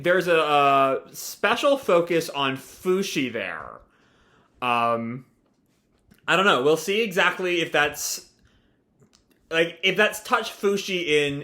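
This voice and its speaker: A man's voice: fairly high pitch, pushed and bright. A young man casually reading a manga aloud and reacting, rambling with many fillers.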